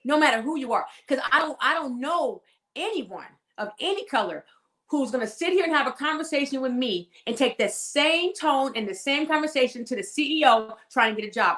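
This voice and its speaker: A woman with a Californian accent talks in a lively, emphatic way, leaning into her points with frequent laughter. Her voice sits a little high. The recording has noticeable room echo. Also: fairly quick. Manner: animated, emphatic, laughs often. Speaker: guest. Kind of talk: casual conversation. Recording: echoey room.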